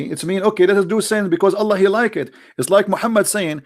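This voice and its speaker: A man with a fairly high voice delivers a solo commentary, mocking and emphatic by turns. His English carries non-native grammar, and he leans hard on sarcasm. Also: fast talker, few pauses, darkish tone. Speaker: online debater.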